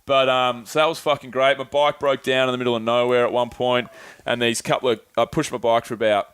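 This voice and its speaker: A man's voice: medium pitch, little pitch movement, fairly quick, a bit bright, clean tone, no echo. A young Australian man casually telling travel stories, rambling and swearing with lots of filler words. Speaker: podcast co-host. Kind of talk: casual chat, travel storytelling.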